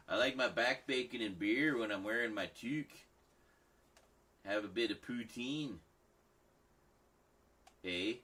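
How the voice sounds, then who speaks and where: A man's voice: mid-range voice, drawn-out words, pauses often, bright, forceful tone, slightly rough, pitched above the performer's own voice, heavily acted. A man putting on a joking stereotyped Canadian voice, tacking "eh" onto his lines. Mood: teasing. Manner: exaggerated, tacking on "eh".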